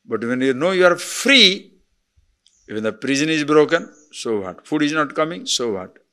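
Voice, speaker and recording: A man gives a spiritual discourse as a teacher. He asks rhetorical questions and swings from emphatic to soft. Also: a little high, sing-song, moderate pace.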